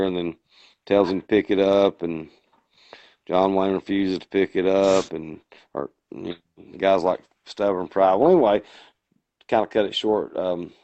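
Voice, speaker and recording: A man's voice: low voice, a little mellow, lo-fi sound. A man co-hosting a casual podcast, telling long rambling stories with colloquial grammar. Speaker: podcast co-host. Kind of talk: casual chat.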